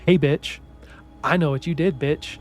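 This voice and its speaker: A man's voice: medium pitch, unhurried, darkish tone, soft background music, lightly acted. A man voicing a fierce, catty young wife who taunts and curses at her rival. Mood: taunting. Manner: cursing, taunting, confrontational.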